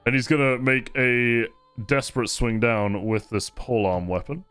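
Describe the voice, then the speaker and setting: A man running a tabletop game as game master, narrating combat vividly and at an unhurried pace. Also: mid-range voice, steady tone, a bit bright, smooth, faint music behind.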